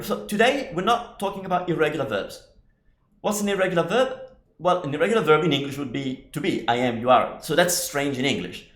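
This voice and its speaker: Man, live-lesson teacher, loose and chatty, answers comments, room echo. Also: fairly high pitch. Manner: chatty, explains step by step, answers viewer comments. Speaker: Italian teacher. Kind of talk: live online language lesson. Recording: echoey room.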